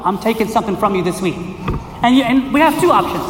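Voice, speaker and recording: A middle-aged male pastor preaching a lively sermon, acting out voices and questioning his listeners, recorded from a distance in a community center hall. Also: high-pitched, fast talker, a little hiss or hum. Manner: animated, acts out quoted voices, asks the crowd questions. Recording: echoey hall, voice from far off.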